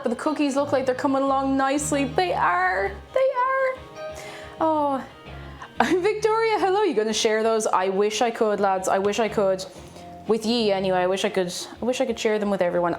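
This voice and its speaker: An Irish woman chatting casually on a cooking livestream in her home kitchen, reading out chat messages in a chatty, playful way. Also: a little high. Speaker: streamer.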